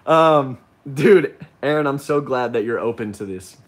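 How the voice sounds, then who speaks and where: A man's voice: mid-range voice, normal speed, a little mellow. A man hosting a casual livestream, reading viewer comments and rambling with frequent ums and restarts. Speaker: livestream host.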